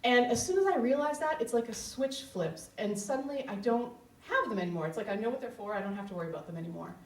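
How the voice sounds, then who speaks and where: A woman's voice: on the high side, lively intonation, fast talker. A woman telling a personal story on stage at a live event, candid and emotional in an earnest way. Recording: roomy hall, distant mic, faint ambience.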